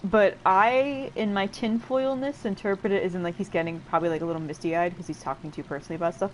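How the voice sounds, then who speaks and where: A woman's voice: mid-range voice, slight background noise, rough recording. A woman hosting a game playthrough, casually chatting and translating dialogue with lots of fillers and self-interruptions. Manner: paraphrases game dialogue in quick lively asides. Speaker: let's play host translating a game. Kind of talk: casual gameplay commentary.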